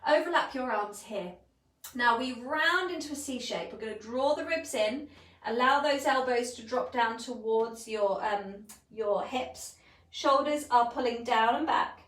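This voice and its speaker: A woman teaching a pilates class, calmly cueing each movement and breath step by step. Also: a little high, measured pace. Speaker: pilates instructor. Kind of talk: guided exercise instruction. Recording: echoey room, voice from a distance.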